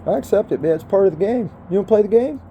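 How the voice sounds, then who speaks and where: A man's voice: high-pitched, lively intonation, fast talker, dark tone, muffled recording, a little hiss or hum. A middle-aged man vlogging casually outdoors in the sun, rambling in a laid-back way, addressing viewers as bro and man, coughing between puffs. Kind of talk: casual smoking vlog.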